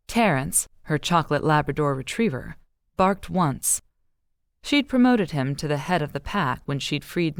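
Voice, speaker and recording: Woman, audiobook narration, low voice, dry close sound, measured. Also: no echo.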